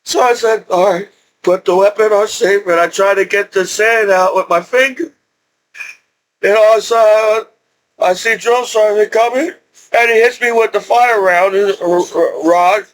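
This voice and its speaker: Middle-aged man, high voice, loose rambling storyteller who laughs between lines. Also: steady tone, normal speed. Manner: rambling, repeats and restarts, laughs often. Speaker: veteran telling his story. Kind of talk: casual storytelling.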